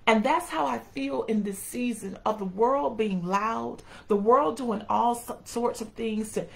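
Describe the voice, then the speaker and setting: Middle-aged woman preacher, slightly high, gravelly, folksy, talks straight to the congregation. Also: unhurried, low-quality recording. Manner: folksy, calls on the congregation, acts out quotes. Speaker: preacher and educator. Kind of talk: sermon.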